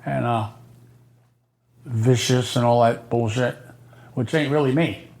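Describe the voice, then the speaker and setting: A man's voice: mid-range voice, steady tone, takes it slowly, a little mellow, reverberant. An older man from Providence, telling blunt, profane tough-guy stories as an interview guest. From Providence, Rhode Island. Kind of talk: casual storytelling chat.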